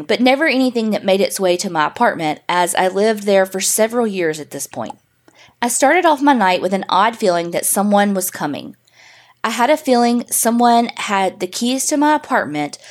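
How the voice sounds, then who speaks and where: A woman podcast co-host reading a listener's email story aloud in a steady storytelling voice. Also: medium pitch.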